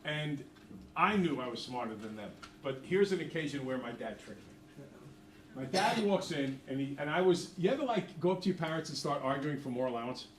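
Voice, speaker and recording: A man's voice: fairly high pitch, expressive, fairly quick, a little hiss or hum. A man teaching a math class, telling a chatty story to his students between worked examples. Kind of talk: classroom lecture with stories. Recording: echoey classroom from far off.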